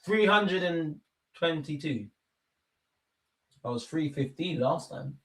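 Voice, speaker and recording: A man's voice: on the high side, animated, slow pace, breathy edge. Chatty man streaming a watch-along. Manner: chatty, loose banter with chat, slangy. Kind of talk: casual live watch-along chat.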